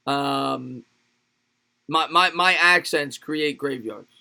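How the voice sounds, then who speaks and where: Male stream host, excitable play-by-play, forceful bright tone, loose chatter between plays. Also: a little high, extremely slow, gravelly, clear, resonant tone. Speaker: livestream sports host. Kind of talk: live play-by-play and chat with viewers.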